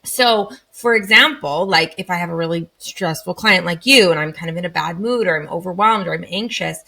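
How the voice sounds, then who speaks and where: A woman in her thirties, a podcast guest, chatting casually and acting out anecdotes with lively emphasis. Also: lowish voice, brisk, vocal fry. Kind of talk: casual conversational storytelling.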